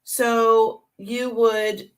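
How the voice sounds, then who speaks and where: A woman presents vintage items on a live selling stream, chatty and detailed. She talks slowly in a somewhat high voice. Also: little pitch movement, clear, resonant tone.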